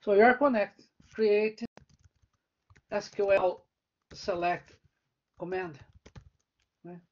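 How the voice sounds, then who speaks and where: A man, a professor giving a live coding lecture. He talks through the code step by step and keeps checking in with "né?" and "right?". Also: high voice. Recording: dull lo-fi recording.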